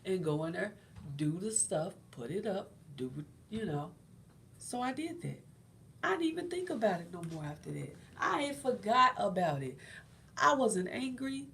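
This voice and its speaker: Gravelly-voiced woman giving casual faith talk. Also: medium pitch, very animated, normal speed, fairly bright tone, a little hiss or hum. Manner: conversational and encouraging, repeats phrases. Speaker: host.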